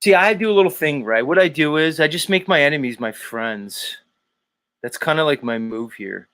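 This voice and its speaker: A man's voice: on the high side, lively intonation, moderate pace, a bit bright. Laughing, profane man hosting a livestream. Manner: laughing, profane, teasing chat. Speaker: livestream host. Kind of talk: casual livestream chat. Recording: guitar music playing behind. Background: guitar music.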